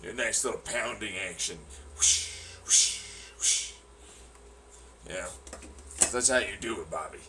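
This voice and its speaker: A man's voice: on the low side, moderate pace, background noise. A man chatting casually and rambling while cooking in a kitchen, swearing freely and joking. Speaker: streamer. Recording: distant mic with sizzling frying.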